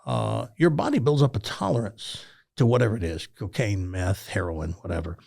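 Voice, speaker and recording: Gravelly older Tennessee-accented storyteller. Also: male voice, fairly low pitch, normal speed. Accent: Southern US, Tennessee. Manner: folksy, animated storyteller. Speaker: former radio talk host, guest. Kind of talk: storytelling interview.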